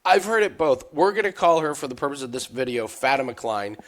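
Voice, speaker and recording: A man talking casually as a sports betting analyst, excitable, laughing often and stammering through restarts. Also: mid-range voice, a little fast. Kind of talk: casual podcast chat.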